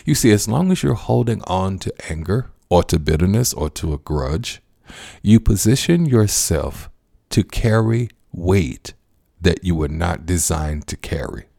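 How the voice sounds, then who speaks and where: A man preaching a sermon, addressing listeners as friends and repeating key lines slowly for emphasis. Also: low voice, expressive, gravelly, warm tone, no echo, studio quality.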